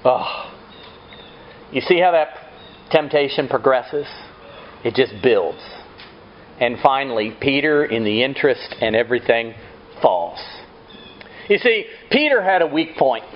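A man's voice: mid-range voice, expressive, measured pace, pauses often, muffled recording, a little hiss or hum. A man preaching a sermon, asking rhetorical questions and acting out quotes. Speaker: pastor.

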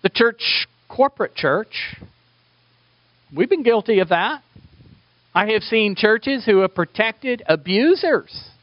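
Animated male pastor preaching. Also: sits high, takes it slowly, pauses often, dry recording. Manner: animated preaching with rhetorical questions. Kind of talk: sermon. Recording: dull lo-fi dry recording.

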